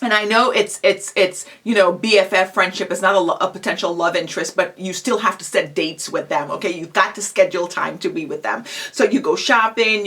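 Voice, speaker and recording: Direct, encouraging woman with a higher voice. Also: a bit bright. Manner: direct and encouraging, addresses listener as "you"; rhetorical questions, frequent "um" and "you know". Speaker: psychology professor giving advice. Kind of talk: self-help video lecture.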